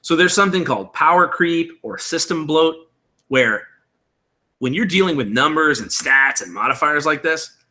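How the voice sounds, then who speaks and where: Bright-voiced man explaining game rules. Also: on the high side, expressive, normal speed. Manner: casual, explanatory, reads chat aloud. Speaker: tabletop game host. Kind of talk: live-streamed tutorial chat.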